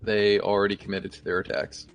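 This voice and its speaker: A man's voice: fairly low pitch, level tone, a little fast, faint music behind. Easygoing man running a tabletop game. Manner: loose and chuckling, swears casually. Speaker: dungeon master.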